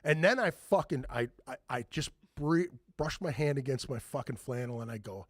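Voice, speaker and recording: A man's voice: medium pitch, moderate pace, no echo, studio quality. A man telling a rambling story on a podcast, swearing freely and acting out the voices of people he quotes. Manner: profane, animated, acts out quoted voices. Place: podcast studio.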